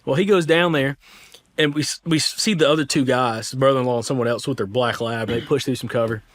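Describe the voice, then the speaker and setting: A young man from Alabama who hosts a hunting podcast talks fast in a mid-range voice. He casually retells a hunt, rambling along and quoting what people said.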